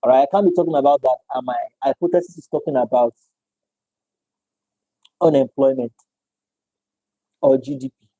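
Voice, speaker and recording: A man's voice: mid-range voice, moderate pace, pauses often, warm tone, breathy edge, no echo, dull audio. A man teaching a live-streamed economics lecture, repeating points and checking in with listeners. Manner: repetitive, checks in with "all right?".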